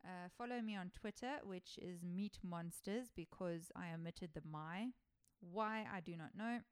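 A woman's voice: lowish voice, measured pace, clear, resonant tone, no echo. A young woman hosting a solo folklore podcast, chatty and enthusiastic, using casual slang. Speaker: podcast host.

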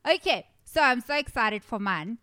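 A woman's voice: fairly high pitch, moderate pace, clean tone, dry recording, clean studio sound. A woman from South Africa hosting a podcast, chatting casually and telling a story with lots of laughter. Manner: giggly, animated storyteller. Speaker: podcast host. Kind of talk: casual chat.

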